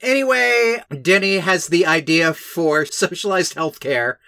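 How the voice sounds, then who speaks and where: A man's voice: high-pitched, measured pace, vocal fry, sharp tone, clean tone, dry recording, studio quality. Sarcastic man recapping a film. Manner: sarcastic, mocking recap with many asides. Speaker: podcast co-host. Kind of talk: casual chat, film recap.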